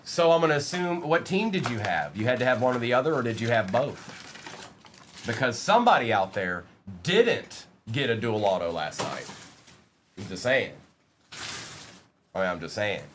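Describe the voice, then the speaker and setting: A man's voice: mid-range voice, sing-song, normal speed, long pauses, fairly bright tone, a little hiss or hum. A man hosting a live-streamed trading card break, reading out player names and bantering with the chat in a playful way.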